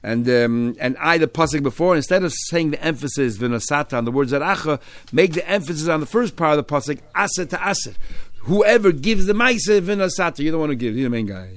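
A man's voice: on the high side, quick pace. A man, teaching a Talmud class and explaining each step with Hebrew and Aramaic terms, lifting his voice on key phrases.

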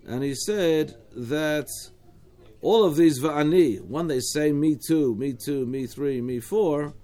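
A man's voice: fairly high pitch, slow, mellow. A man with an Australian accent teaching a Talmud study class, explaining step by step with frequent restarts and asides.

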